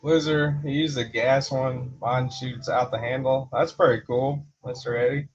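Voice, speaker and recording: A man's voice: medium pitch, fairly even intonation, moderate pace, breathy edge. A man hosting a casual livestream, rambling with lots of fillers, laughing often and reading out viewer comments. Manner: rambling, with many fillers like "you know" and "uh"; laughs often between remarks. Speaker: livestream host. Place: garage. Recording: slightly dull livestream audio with faint background music.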